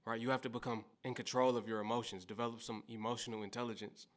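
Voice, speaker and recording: Male reaction host, preachy and motivational, mid-pitched, faith-minded. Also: flat delivery, quick pace. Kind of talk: reaction commentary.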